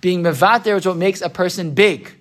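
A man leads a relaxed Torah class in a loose, talkative way. He keeps checking in with his listeners with a quick "right?" and slips into the voices of the people in the stories he tells. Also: high voice. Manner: chatty, keeps asking "right?"; acts out quoted voices in his retelling. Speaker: Torah teacher. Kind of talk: casual Torah class lecture.

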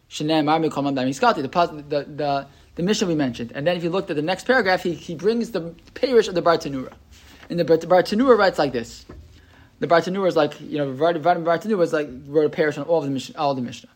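A man's voice: on the high side, brisk. A man teaching a Torah class, talking casually with many restarts and translating Hebrew texts as he goes. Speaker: yeshiva teacher. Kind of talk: Torah class with source sheet.

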